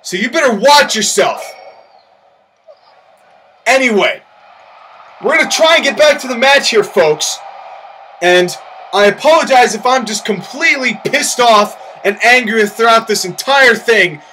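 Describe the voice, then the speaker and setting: A man giving excitable play-by-play commentary on a wrestling match, breaking into loud, shouting rants and incredulous outbursts. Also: very high voice, moderate pace, slight background noise, low-quality recording.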